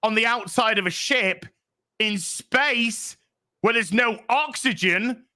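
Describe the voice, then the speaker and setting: A podcast host rants about a show in a casual, sarcastic way, swearing freely. His voice sits a bit high for a man and comes out bright and forceful. He slips into exasperated impressions of the characters as he goes. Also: slow. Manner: profane, sarcastic, exasperated, acts out characters' lines. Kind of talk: casual review rant.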